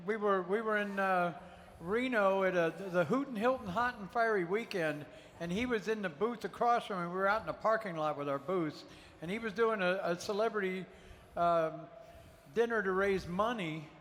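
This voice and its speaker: High-pitched guy from ohio chatting at a cooking demo, folksy and rambling, echoey stage sound. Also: fairly bright tone, a little hiss or hum. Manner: rambling, folksy storytelling with many fillers. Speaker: guest chef. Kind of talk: live cooking demo talk. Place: festival stage.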